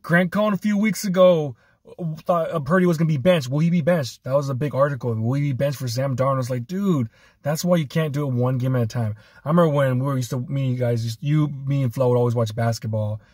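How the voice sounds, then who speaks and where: Husky-voiced man hosting a fan podcast. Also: mid-range voice, quick pace, no echo. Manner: relaxed, conversational, casual swearing. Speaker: podcast host. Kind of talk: casual chat.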